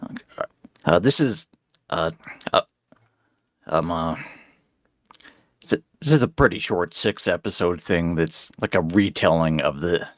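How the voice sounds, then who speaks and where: Deep-voiced laid-back podcast host. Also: male voice, measured pace, pauses often, no echo, clean studio sound. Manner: laid-back, many filler ums and uhs. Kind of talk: casual podcast chat.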